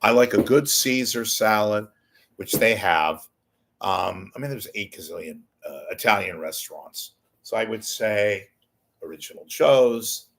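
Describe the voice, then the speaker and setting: A man's voice: fairly low pitch, measured pace, a bit bright, slight background noise. A man hosting his own show, rambling casually and profanely with wisecracks. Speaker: show host. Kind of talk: casual livestream monologue.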